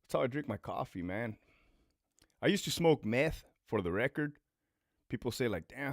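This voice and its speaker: Blunt, animated man telling prison stories. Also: on the low side, no room sound, studio quality. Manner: profane, blunt, emphatic with repeated phrases. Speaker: former prison lieutenant turned online host. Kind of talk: casual livestream storytelling.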